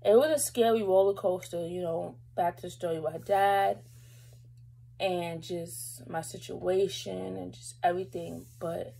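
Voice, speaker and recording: A woman's voice: fairly low pitch, fairly even intonation, unhurried, gravelly, mellow, a little hiss or hum, low-quality recording. A young woman vlogger telling a personal story to camera in a rambling, casual way, fighting back tears at times. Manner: emotional, holding back tears; rambling, lots of fillers.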